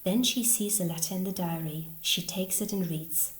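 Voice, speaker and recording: A woman teacher reading a story aloud to schoolchildren, clearly and deliberately. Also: on the low side. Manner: slow and clear. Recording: roomy echo.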